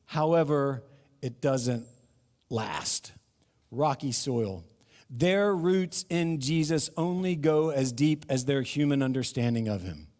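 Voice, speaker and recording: A middle-aged man preaching a sermon in a church, animated and acting out the crowd's questions. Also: mid-range voice, takes it slowly. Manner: animated, acts out crowd voices, laughs between points. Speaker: pastor. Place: church sanctuary. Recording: long reverb of a hall.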